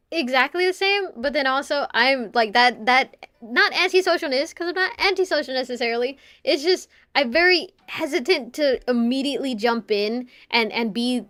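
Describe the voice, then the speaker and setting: A woman's voice: high voice, pushed and bright, dry recording. Giggly young woman streamer, dry close mic. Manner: giggly, rambling, drops to a mutter while working. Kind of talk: casual chat stream.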